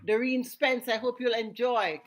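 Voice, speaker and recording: A woman's voice: a little high, a little slow. A woman hosting a live radio show, chatty and enthusiastic as she greets listeners by name. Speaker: radio host. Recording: roomy, off-mic, music playing behind. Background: music.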